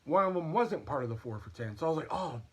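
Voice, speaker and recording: A man's voice: fairly high pitch, animated, fast. A man hosting a casual product review and haul vlog, talking in a candid, chatty, rambling way. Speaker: YouTube channel host.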